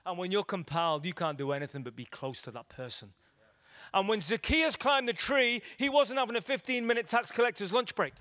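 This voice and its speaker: Preaching to an audience in a church meeting room, a male evangelist from Liverpool, England tells stories and animatedly performs their dialogue. His voice sits high with a fairly bright tone, and his pace is brisk.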